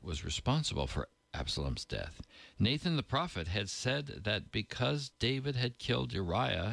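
A man's voice: mid-range voice, vocal fry, fairly bright tone, no echo. A man teaching from the Bible, reading passages aloud and adding plain, casual comments. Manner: reads scripture aloud, then adds plain casual asides.

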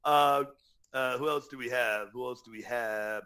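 A man hosting a live Catholic radio show, talking energetically and emphatically, with slangy shout-outs to listeners. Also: mid-range voice, unhurried, smooth.

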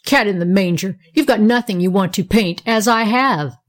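A smug young boy, nearly nine, teases in a plain, matter-of-fact tone, as a woman reads him in an audiobook. He stays close to the narrator's own mid-pitched voice, only a little cooler and more clipped. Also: normal speed, close to an everyday voice. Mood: teasing.

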